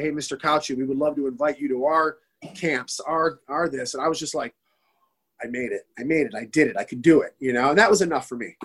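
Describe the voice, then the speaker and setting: A middle-aged Detroit-area man, a former youth hockey goalie appearing as a guest, tells an animated hockey story in casual conversation. He swears and acts out what others said, his voice a little high with a breathy edge.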